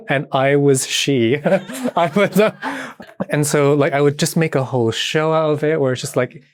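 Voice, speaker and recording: Playful, animated British man. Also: on the high side, a little slow. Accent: British English. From Britain. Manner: animated and playful, often laughing, many filler words. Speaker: podcast guest, movement artist. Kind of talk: casual chat.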